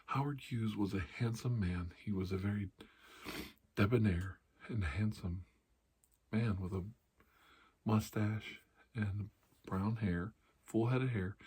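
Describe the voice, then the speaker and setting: A man's voice: fairly low pitch, warm tone, husky. A middle-aged man hosting an ASMR channel, rambling casually in a blunt, profane, sarcastic way.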